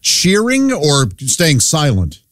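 A man's voice: a little high, huge pitch swings, slow, no room sound. A man co-hosting radio, teasing the guest with dry jokes. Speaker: radio co-host.

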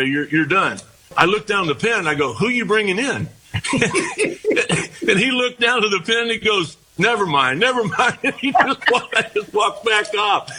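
Husky, bright-voiced older man telling stories. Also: sits high, low-quality recording. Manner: rambling anecdotes with repeated starts and quoted dialogue. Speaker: former baseball pitcher, guest. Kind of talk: casual storytelling interview.

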